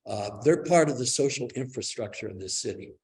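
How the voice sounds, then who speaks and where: A man giving public comment at a city commission meeting, pressing earnestly for higher wages. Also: lively intonation, fairly quick, a little mellow, poor audio. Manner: earnest advocacy, pressing for wage increases. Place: government meeting room.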